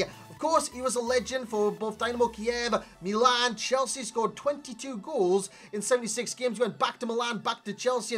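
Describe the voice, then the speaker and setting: A man giving a chatty, animated video game player review, talking to viewers as lads, recorded as a desk mic voice-over. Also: high-pitched. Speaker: gaming YouTuber.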